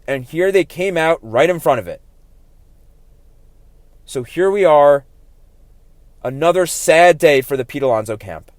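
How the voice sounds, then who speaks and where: Heated, opinionated sports podcast host. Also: male voice, fairly high pitch, measured pace, pauses often, no room sound. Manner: opinionated, gets heated and animated. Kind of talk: solo sports talk podcast.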